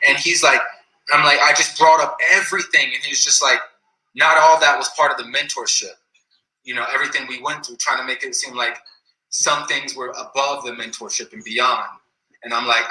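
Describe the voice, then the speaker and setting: A man's voice: on the high side, normal speed, pushed and bright. A man telling a story in a casual, rambling way, full of slang and repeated phrases, in an echoey room.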